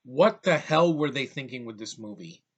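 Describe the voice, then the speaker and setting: A man's voice: mid-range voice, expressive, moderate pace, muffled recording. A man giving a blunt, exasperated movie review at home, swearing casually and piling on complaints.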